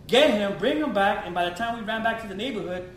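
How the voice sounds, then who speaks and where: A middle-aged man, a pastor from Los Angeles telling his testimony in an animated way, full of slang and acted-out quotes. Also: high voice, quick pace, slight background noise. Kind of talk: testimony sermon. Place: church. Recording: echoey church hall from far off.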